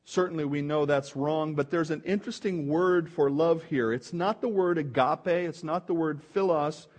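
High-voiced male preacher. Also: normal speed, darkish tone. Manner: earnest, emphatic preaching with restarts. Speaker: pastor. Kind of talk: sermon.

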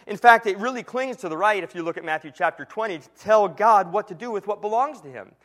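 A man with a fairly high voice delivers a sermon to his congregation. He teaches in an earnest, steady way, often slowing down and falling to a near hush to press a point home. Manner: earnest teaching tone, slows and drops to a hush at key lines. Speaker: preacher.

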